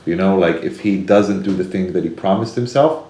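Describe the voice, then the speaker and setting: A man in a reflective, casual conversation, speaking earnestly and now and then acting out inner voices in sudden higher bursts. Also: moderate pace, warm tone, reverberant.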